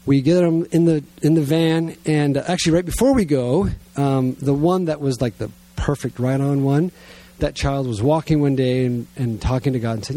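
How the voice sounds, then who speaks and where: A middle-aged man preaching to a gathered congregation, telling a self-mocking family story in a lively way and then praying quietly and earnestly. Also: mid-range voice, normal speed. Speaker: pastor. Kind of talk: sermon storytelling and prayer. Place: church gathering with listeners present.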